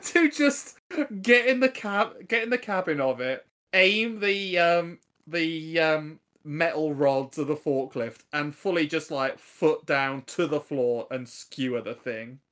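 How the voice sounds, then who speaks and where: A woman's voice: deep voice, slow, hardly any pauses, fairly bright tone. A woman player at a tabletop game, speaking casually and animatedly with laughs and restarts.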